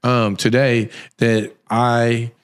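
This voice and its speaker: Rambling, animated male podcast host. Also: medium pitch, drawn-out words, clean tone. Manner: rambling, animated storytelling with many restarts. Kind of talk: casual conversation.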